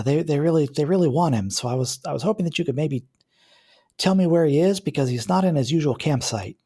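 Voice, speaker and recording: A man voicing an earnest middle-aged female police officer in a tabletop role-play, talking haltingly with many restarts. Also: medium pitch, dark tone, husky. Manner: hesitant, halting, full of restarts.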